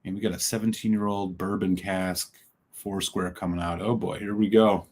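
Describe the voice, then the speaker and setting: A man's voice: deep voice, little pitch movement, moderate pace, darkish tone. Upbeat man hosting a live stream. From Chicago area. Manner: upbeat, greets viewers by name. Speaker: host. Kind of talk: live stream chat reading.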